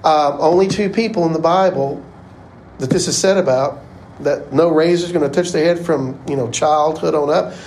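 A man's voice: a little high, normal speed, a little mellow, a little hiss or hum, poor audio. A man teaching a casual Bible class, chatty and rambling. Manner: chatty, rambling, uses "y'all".

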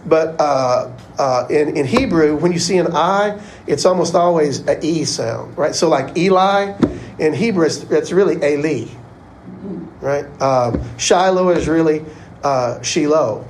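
A man's voice: a little high, unhurried, darkish tone, a little hiss or hum, rough recording. A man teaching a casual Bible class, chatty and rambling. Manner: chatty, rambling, uses "y'all".

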